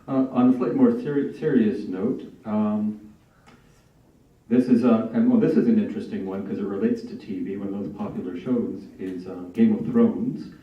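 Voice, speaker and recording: At a library reading night, a male host with a lowish voice and fairly even intonation chats casually at a moderate pace, introducing the event with many fillers and restarts. He is recorded from a distance in a large, echoey hall on a lo-fi mic.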